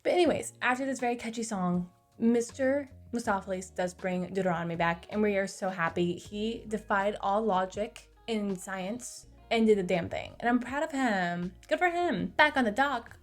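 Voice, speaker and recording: A young woman recapping a movie in a casual, chatty way, with sarcastic asides, recorded on a close mic. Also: mid-range voice. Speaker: movie reviewer.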